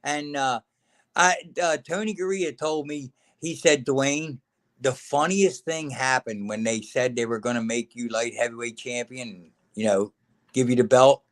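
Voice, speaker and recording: In a casual interview, a middle-aged former wrestler with a mid-range, slightly slow voice tells stories from his career. He's an animated storyteller who acts out what other people said and keeps calling the listener "man" or "brother."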